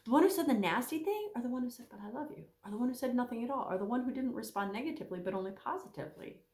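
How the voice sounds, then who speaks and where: A woman teaching scripture in a chatty, animated way, her pitch swinging widely as she acts out quoted voices. The sound is roomy, with a clear echo around her voice. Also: racing. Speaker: Bible teacher. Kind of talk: casual Bible teaching talk.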